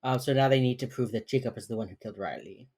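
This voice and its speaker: A woman's voice: a bass voice, quick pace, darkish tone, husky. A woman co-hosting a podcast, rambling through a TV episode recap, swearing casually and laughing often. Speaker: podcast co-host.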